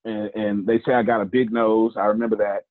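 A man's voice: fairly low pitch, little pitch movement, fairly quick. A man, a motivational speaker telling personal stories in a joking, conversational way with preacher-like asides. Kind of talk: casual storytelling talk. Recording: phone-like lo-fi line.

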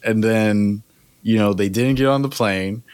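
A man's voice: lowish voice, unhurried, darkish tone, clean tone, no room sound. Rambling, laughing podcast host, man. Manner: rambling, laughs often, many fillers. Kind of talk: casual chat.

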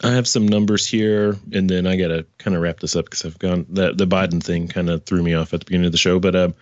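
A man hosts his own podcast in a loose, rambling commentary style, often stopping to correct himself and tossing in profane asides. His voice sits very low. The recording is dry and slightly muffled, like a small home setup. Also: fairly even intonation, quick pace, a little mellow, no echo. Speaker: podcast host. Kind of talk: casual political commentary.

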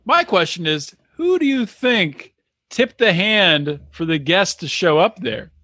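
A man's voice: high-pitched, animated, unhurried, pushed and bright, no echo, clean studio sound. A man co-hosting a podcast in casual chat, speculating and thinking aloud. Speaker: podcast co-host.

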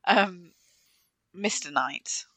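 A woman's voice: on the low side, very slow, sharp tone, no room sound. A woman co-hosting a podcast in casual chat, giving enthusiastic commentary. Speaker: podcast co-host.

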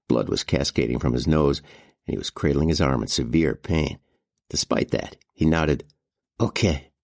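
A man with a very deep, gravelly voice narrates a gritty crime story. His delivery moves up and down with plenty of expression, and the sound is close and dry. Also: darkish tone, no echo. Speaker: audiobook narrator. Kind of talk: scripted narration.

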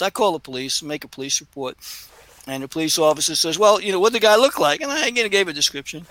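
Co-host type, high-pitched, lively gravelly man spinning a rambling anecdote. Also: fairly quick, no echo, poor audio. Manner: rambling, laughing, animated storyteller. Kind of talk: casual chat, storytelling.

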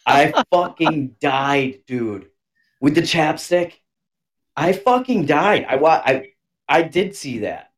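A man's voice: fairly high pitch, big pitch swings, takes it slowly. A man co-hosting a podcast, rambling in casual, profane chat over a video call. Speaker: podcast co-host.

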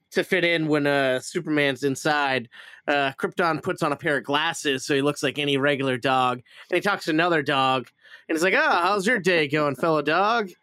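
A man's voice: mid-range voice, pushed and bright, smooth, dry recording, clean studio sound. A man hosting a casual chat, retelling a movie in a rambling, profane way and acting out lines in silly voices. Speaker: podcast host reviewing a movie.

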